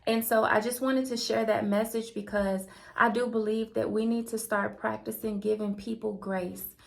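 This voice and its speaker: A woman with a Southern American accent, from the Deep South, telling a personal faith story in a conversational, earnest way. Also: steady tone, normal speed, gravelly. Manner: conversational and earnest, with colloquial turns of phrase. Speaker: channel host.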